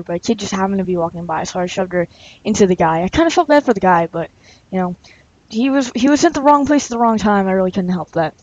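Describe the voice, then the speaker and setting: A woman's voice: mid-range voice, darkish tone. A woman vlogger telling a story in a casual, chatty way, with many fillers and some laughter. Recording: dull lo-fi recording.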